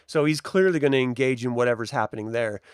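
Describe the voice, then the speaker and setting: A man running a tabletop game as game master, narrating with animated delivery and bursting into loud voices for minor characters. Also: medium pitch, fast talker, clean tone, no echo, clean studio sound.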